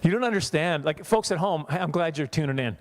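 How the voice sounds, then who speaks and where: A man's voice: on the high side, lively intonation, a little fast. Man, stand-up comic from Canada, self-mocking, chatty, does voices for characters, church hall crowd. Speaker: stand-up comedian. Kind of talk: stand-up comedy set. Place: church hall with a small audience.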